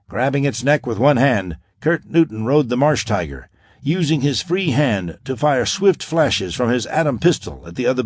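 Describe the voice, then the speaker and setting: A man narrating a pulp science-fiction audiobook in a dramatic, expressive way. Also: mid-range voice, dry recording, studio quality.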